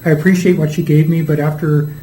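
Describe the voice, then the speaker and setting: Quick-talking man from Oklahoma. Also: a little high, level tone, warm tone. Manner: quick, eager, shares personal stories. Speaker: co-host. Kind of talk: casual chat. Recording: echoey room with background noise.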